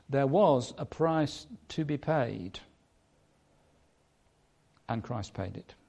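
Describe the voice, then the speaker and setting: A man with a mid-range voice preaches a sermon emphatically, driving his points home by shifting his volume and pace.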